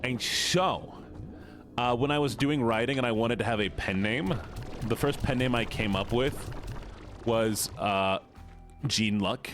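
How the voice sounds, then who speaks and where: A man's voice: mid-range voice, unhurried, long pauses, fairly bright tone, soft background music. A man with a Midwestern American accent chatting casually on a livestream, rambling, laughing often and reading chat aloud. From United States. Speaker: VTuber streamer.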